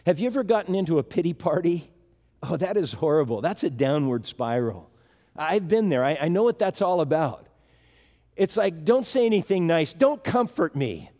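A man's voice: a little high, expressive, moderate pace, warm tone, long reverb tail. A man preaching a sermon in a conversational, emphatic way, often restarting his phrases.

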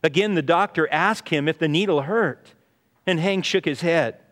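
A man's voice: fairly high pitch, moderate pace, fairly bright tone. A man preaching a sermon, telling a story in an earnest way and often saying "you see". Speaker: pastor. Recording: reverberant hall.

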